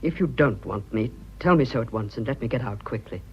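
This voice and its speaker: A man's voice: medium pitch, expressive, a little fast, slight background noise, close to an everyday voice. An actor playing a flustered young businessman in love. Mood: tender. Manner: stammering, impassioned, clipped upper-class British. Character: young male businessman, earnest, flustered lover. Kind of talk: radio drama acting. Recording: dull lo-fi radio drama.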